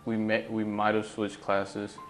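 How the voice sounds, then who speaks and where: A man's voice: fairly low pitch, completely flat delivery, a little slow, soft background music. A young man giving short, guarded answers to questions about his school days. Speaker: interviewee being questioned.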